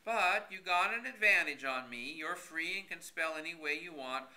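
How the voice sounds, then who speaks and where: A man's voice: on the high side, normal speed, pushed and bright, voice pushed up, poor audio. A man voicing an easygoing rural man who answers in dry, laconic folksy talk. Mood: teasing.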